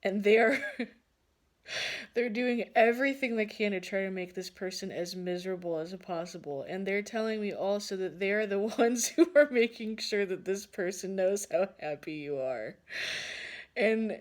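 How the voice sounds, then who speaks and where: A woman's voice: medium pitch, a little slow. A woman giving a casual tarot reading who laughs often and swears freely. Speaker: tarot card reader.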